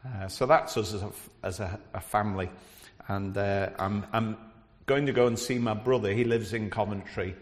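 A man's voice: fairly low pitch, fairly even intonation, moderate pace. A middle-aged man with a Scouse accent from Liverpool, a visiting preacher chatting to the congregation with frequent hesitations, then reading scripture. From Liverpool, England. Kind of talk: church service address. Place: church. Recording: reverberant church hall.

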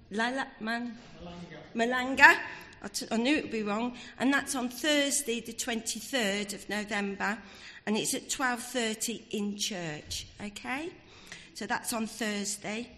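A woman's voice: a little high, unhurried, a bit bright. A woman reading the church notices to the congregation in an informal way, stumbling over names. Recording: reverberant church hall.

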